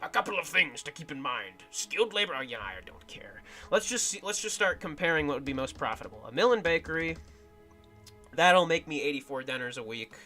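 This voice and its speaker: A man's voice: a little high, animated, fairly quick, sharp tone, faint music behind. A man streaming a game in casual commentary, thinking aloud and often trailing off and restarting.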